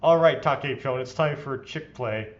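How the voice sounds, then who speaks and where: A man's voice: mid-range voice, normal speed, highs cut off, very noisy. A man hosting a let's play, reading visual novel text aloud in a playfully theatrical way and adding his own comments.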